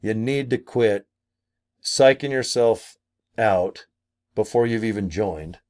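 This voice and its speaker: A man's voice: on the low side, takes it slowly, a little mellow. Older man, joking marketing vlogger, crude asides, silly impressions. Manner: goofy, crude jokes, exaggerated asides; slips into silly put-on voices. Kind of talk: casual promotional rant.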